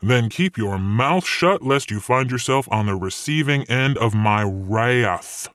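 A man's voice: mid-range voice, animated, measured pace, dry recording, clean studio sound, close to an everyday voice. A man voicing a confident, commanding male devil who is breezy but menacing in an audiobook. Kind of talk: audiobook character voice.

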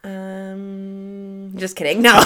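A woman from Michigan in a playful, casual chat, teasing and giggling as she talks. Her voice sits at an ordinary middle pitch for a woman. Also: fairly bright tone. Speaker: podcast co-host.

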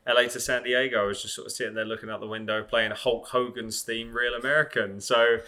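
Bright-voiced chatty young man. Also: mid-range voice, level tone, fast talker. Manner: chatty, rambling, many fillers and restarts. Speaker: podcast host. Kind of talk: casual chat.

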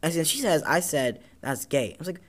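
This Tacoma, Washington man hosts a laid-back podcast, speaking at a normal pace in a fairly high, very animated voice. He wanders through profane anecdotes, performing other people's lines as he goes.

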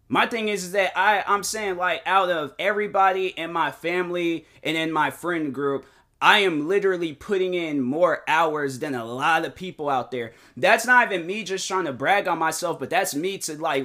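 A man hosting his own podcast, talking in a casual motivational monologue, animated and defensive, full of fillers and restarts. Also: fairly high pitch. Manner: defensive, emphatic. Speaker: podcast host and YouTuber. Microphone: desk microphone.

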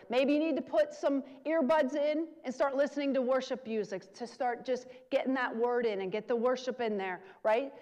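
A woman's voice: high-pitched, darkish tone. A woman preaching an earnest, encouraging sermon and speaking sample prayers aloud. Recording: long reverb of a large hall.

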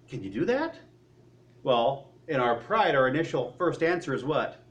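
A man's voice: medium pitch, big pitch swings, normal speed, a bit bright. A man preaching a sermon, acting out the voices of worried people and of God as he goes.

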